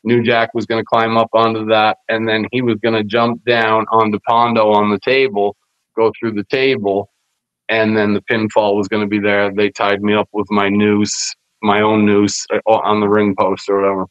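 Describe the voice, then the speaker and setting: A man's voice: fairly low pitch, moderate pace, clear, resonant tone, no echo. A man, a former wrestler, telling backstage stories in a casual interview, acting out quoted voices with plenty of swearing. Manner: animated storyteller, acts out quoted voices with profanity. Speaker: podcast guest, former wrestler. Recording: dull, lo-fi podcast audio.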